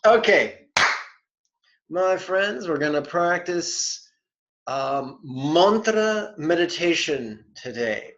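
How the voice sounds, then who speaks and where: A man teaching meditation in an online lesson, speaking deliberately and dropping in playful, wry asides. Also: on the high side, expressive, a bit bright, a little hiss or hum. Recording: dull lo-fi webinar audio.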